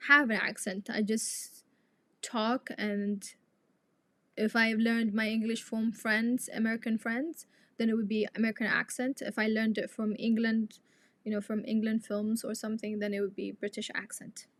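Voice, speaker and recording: A woman's voice: on the high side, fairly bright tone, no echo. A young woman, a native Tigrinya speaker, hosting a live chat and talking to her viewers in an outspoken, indignant way. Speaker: live stream host.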